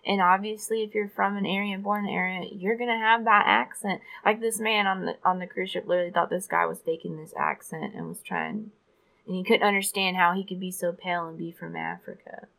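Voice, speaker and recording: A woman's voice: fairly low pitch, animated, a little fast, creaky, fairly bright tone. A woman co-hosting a podcast, chatting casually and making joking asides. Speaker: podcast co-host.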